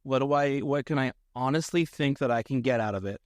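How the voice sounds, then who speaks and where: Middle-aged comic guy on a podcast, rambly and self-deprecating, mid pitch, dry close sound. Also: brisk, dry recording. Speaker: guest comedian. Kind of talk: casual podcast chat.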